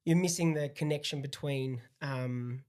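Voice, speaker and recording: A young man chatting as a podcast guest, halting and pausing often with ums while he searches for words. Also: mid-range voice, a little mellow. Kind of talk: casual chat.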